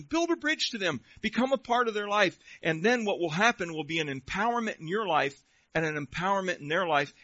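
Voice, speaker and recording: A man's voice: fairly high pitch, fairly bright tone, no room sound. A male pastor delivering a sermon, emphatic and calling out questions to the congregation. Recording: dull lo-fi recording.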